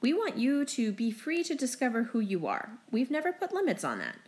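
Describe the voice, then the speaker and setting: A woman voicing a stern middle-aged father in an audiobook, measured in tone but challenging. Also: fairly high pitch, huge pitch swings, a little mellow, voice pushed up. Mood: reasonable.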